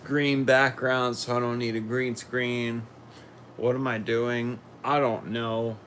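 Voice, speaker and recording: A man hosting a casual livestream, chatting to viewers and reading their comments while a little sick, talking in a slow, rambling way and trailing off. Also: medium pitch, level tone, a bit bright, a little hiss or hum. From Philadelphia. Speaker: livestream host.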